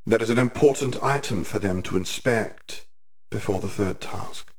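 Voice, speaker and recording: A man voicing a cold, composed male headmaster who speaks in an expressionless, measured way. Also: lowish voice, a little mellow, slightly rough. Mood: cold, calm.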